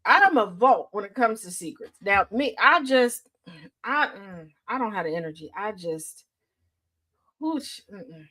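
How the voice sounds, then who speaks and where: A woman's voice: mid-range voice, lively intonation, a little slow, sharp tone. A woman hosting a casual chat show, talking candidly and laughing often. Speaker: host.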